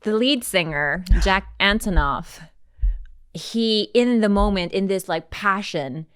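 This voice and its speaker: A woman's voice: mid-range voice, slow pace, a bit bright, clear, resonant tone, no echo, studio quality. A woman in her thirties co-hosting a podcast, telling a story in rambling casual chat, full of ums and swearing. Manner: rambling, hesitant with many ums, swears freely. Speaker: podcast co-host.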